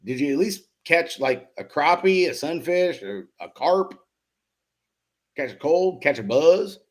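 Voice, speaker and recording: Expressive and unhurried, a man's higher-leaning voice carries his BMX live stream. He reads chat messages aloud, calls out viewers by name to tease them, and keeps up frequent laughter and profane joking.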